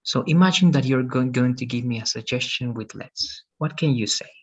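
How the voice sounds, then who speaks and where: A man's voice: medium pitch, moderate pace, husky, muffled recording. A man teaching English in an online lesson, patient and repeating "okay" and "right" often, heard over a video call.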